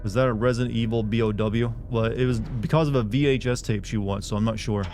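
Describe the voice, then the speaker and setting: A man's voice: mid-range voice, fairly even intonation, fast talker, a little mellow, soft background music. An American man streaming a game live, joking and chatting with his viewers as he plays. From United States. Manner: joking, chatty, talks to chat while playing. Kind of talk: live gameplay commentary.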